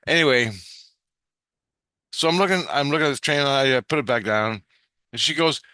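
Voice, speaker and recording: A man's voice: medium pitch, brisk, pushed and bright, smooth, no room sound, studio quality. A man casually recounting a dreamlike experience, meandering with frequent restarts and offhand swearing. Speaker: vlogger recounting a spirit-world vision. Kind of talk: casual rambling storytelling.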